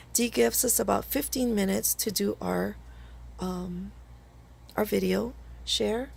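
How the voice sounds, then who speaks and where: Hoarse woman w a cold, slow chatty craft video talk, real gravelly and raspy. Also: mid-range voice. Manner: chatty, slightly halting explanations. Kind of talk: casual craft tutorial chat.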